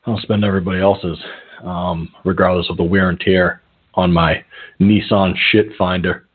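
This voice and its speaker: Low-voiced man rambling over a phone line. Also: little pitch movement, moderate pace, breathy edge. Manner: rambling, profane, with chuckles and filler words. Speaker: call-in show host. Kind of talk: casual storytelling chat.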